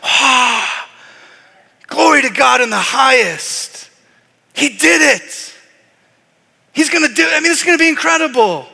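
A man acting out a crowd of ecstatic angels in a sermon, shouting in excited disbelief. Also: extremely high pitch, a little slow, gravelly, long pauses, long reverb tail, pitched above the performer's own voice, heavily acted. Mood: exultant.

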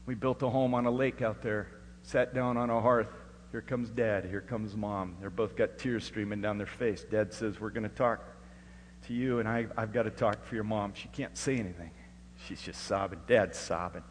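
Middle-aged man, pastor, sermon with testimony, hall reverb, shifts from hushed telling to loud preaching. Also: lowish voice, steady tone, moderate pace, a little hiss or hum. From Alaska. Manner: swings from hushed storytelling to loud, rising preaching.

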